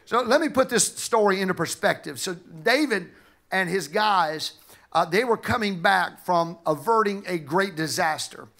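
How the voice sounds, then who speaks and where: A man preaching a sermon as pastor of a church, with a Southern Illinois accent, emphatic and repetitive, building to loud passages. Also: high-pitched, animated, normal speed. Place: church sanctuary.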